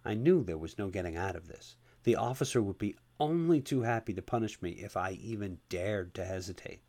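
Male narrator, low gravelly voice, steady first-person storytelling. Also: brisk.

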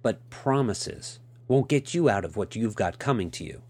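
A man's voice: on the low side, animated, moderate pace, darkish tone, breathy edge, no room sound. A man voicing a cool, stern and commanding woman as he reads a story aloud, giving clipped orders.

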